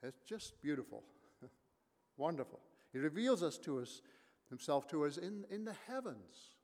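Pastor preaching in an echoing hall. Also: male voice, fairly high pitch, big pitch swings, moderate pace, a little mellow. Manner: emphatic preaching with rhetorical questions. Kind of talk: sermon.

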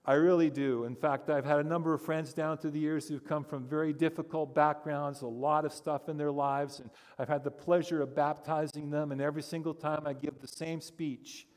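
A man preaching a sermon in a church sanctuary, his voice sitting a little higher than most men's. He tells stories with humor and builds to animated emphasis. A long reverb trails each phrase. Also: moderate pace, few pauses. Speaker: pastor. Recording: long reverb of a large hall.

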